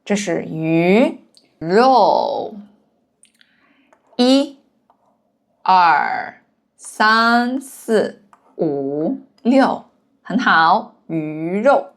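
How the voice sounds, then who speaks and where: A woman's voice: medium pitch, very animated, very slow, pauses often. A woman who speaks natively, giving a language lesson and counting out the strokes of each character one by one. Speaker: Chinese language teacher. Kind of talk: slow step-by-step lesson narration.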